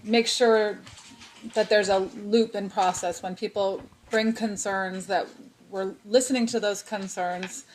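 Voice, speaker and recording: A woman chairs a committee meeting, her speech loose and casual, full of you knows and restarts. Her mid-pitched voice carries a faint hiss of noise behind it. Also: steady tone, unhurried, rough recording. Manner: casual, hesitant, with many fillers. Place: public meeting room.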